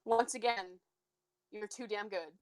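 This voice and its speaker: A woman's voice: mid-range voice, fairly even intonation, measured pace, dry recording. A woman from Ontario with a Canadian accent, chatting animatedly with fellow tabletop players, swearing freely and laughing often. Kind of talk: casual chat between game players.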